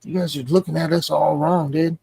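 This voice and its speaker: A man's voice: on the high side, fairly even intonation, brisk, vocal fry, warm tone, breathy edge, no room sound. A man hosting a stream, telling a long, rambling story in casual, profane chat and acting out the voices of the people in it. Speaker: stream host.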